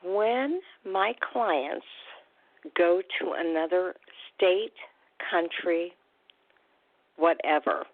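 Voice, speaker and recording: A woman's voice: fairly low pitch, drawn-out words, long pauses, dry recording. A woman hosting a radio talk show as a recovery coach, chatty and upbeat, with casual fillers. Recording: tinny phone-line sound, dry.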